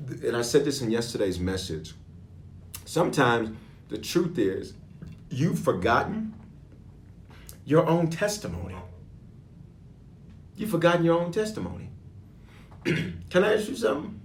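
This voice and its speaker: Man preaching with loud bursts, echoey room. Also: medium pitch, sing-song, unhurried, long pauses, a little hiss or hum. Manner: preaching with bursts of loud emphasis and throat clearing. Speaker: bishop. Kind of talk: sermon and prayer.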